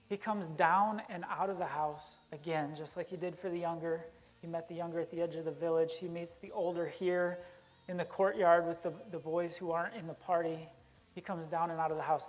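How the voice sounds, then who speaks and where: A man preaching a conversational sermon in a church, acting out the characters he quotes. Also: a little high. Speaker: pastor. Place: church sanctuary.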